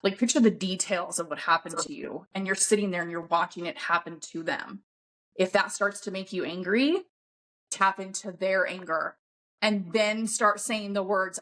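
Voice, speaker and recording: A woman with a medium-pitched, slightly bright voice speaks at a normal speed as a guest in a casual podcast conversation. She is blunt and emphatic, swearing often and sounding like a coach.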